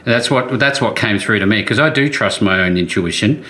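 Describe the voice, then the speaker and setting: A man hosting an interview show on a remote call. He speaks a little low and asks his questions in a rambling way, with many restarts. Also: sharp tone. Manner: rambling, halting questions with fillers. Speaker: show host.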